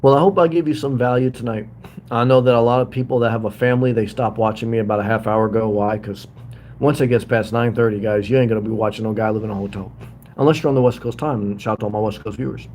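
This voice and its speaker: A man's voice: fairly low pitch, fairly even intonation, fast, darkish tone, a little hiss or hum. A middle-aged man hosting a casual livestream from a hotel room, rambling and greeting viewers by name as he reads their comments. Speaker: livestream host living in a hotel.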